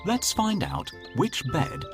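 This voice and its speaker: Slow, expressive male storybook narrator. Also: a little high, soft background music.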